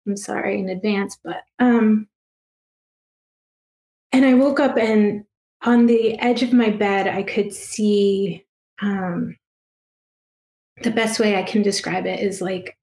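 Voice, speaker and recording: A woman guest telling a personal story in a soft, emotional way, halting and full of fillers and restarts. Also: mid-range voice, fairly even intonation, reverberant. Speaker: guest, past life regression therapist.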